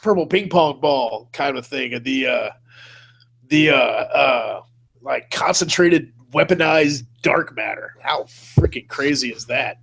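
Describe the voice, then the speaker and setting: A man's voice: mid-range voice, animated, unhurried, gravelly, a bit bright, husky. A man hosting a casual live-stream chat. He talks in a laid-back way, laughs often and keeps saying "man" and "dude". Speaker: host.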